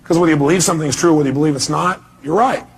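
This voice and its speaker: A man's voice: on the high side, rapid-fire, vocal fry, a little hiss or hum, low-quality recording. A man giving a live seminar talk as a motivational speaker, telling stories animatedly and acting out the dialogue.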